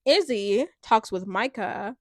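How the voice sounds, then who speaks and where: A woman's voice: mid-range voice, lively intonation, slow pace, no echo, clean studio sound. A woman giving a casual, chatty recap of a reality show, rambling with lots of fillers and acting out quotes with a laugh.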